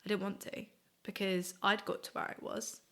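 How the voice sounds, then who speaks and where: A woman, sharing a personal faith testimony in an earnest, reflective, halting way. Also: medium pitch, level tone, a bit bright. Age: 20s. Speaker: guest sharing her faith story.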